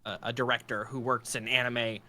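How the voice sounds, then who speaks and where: A man's voice: medium pitch, flat delivery, a little fast, pushed and bright. A man, a voice actor, chatting casually on a video call in a friendly, rambling way with plenty of fillers. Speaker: voice actor guest.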